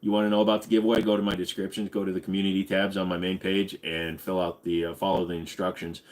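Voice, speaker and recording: A man's voice: deep voice, level tone, fast talker. A man hosting a casual livestream Q&A, joking loosely and swearing now and then. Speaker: livestream host.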